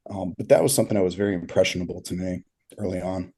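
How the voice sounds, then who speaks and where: A man's voice: deep voice, fast talker, dark tone, husky. A man in his thirties, a turf consultant as a podcast guest, telling rambling stories full of fillers and laughs. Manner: rambling, filler-heavy storytelling with frequent laughs. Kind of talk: casual interview storytelling.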